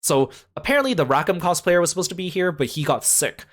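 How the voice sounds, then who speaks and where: A man's voice: fairly high pitch, big pitch swings, fast. A man casually recapping a trip in a chatty voice, full of fillers like "like" and "uh".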